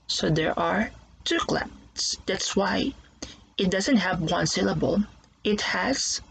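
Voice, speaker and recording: Teacher, recorded lesson for young pupils, slow and careful, gravelly voice, faint background hiss. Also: medium pitch, lively intonation, a bit bright, poor audio. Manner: slow, careful, sounding out words syllable by syllable.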